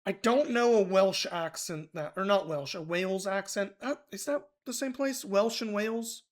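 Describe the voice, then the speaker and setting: A man's voice: sits high, moderate pace. A man streaming a mystery game, thinking aloud in loose, casual commentary with offhand swearing.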